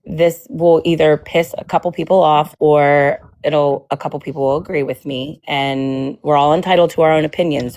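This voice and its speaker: A woman with a lowish voice gives a blunt opinion to friends in a casual chat. She swears freely and keeps adding quick apologies. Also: darkish tone. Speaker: live stream participant.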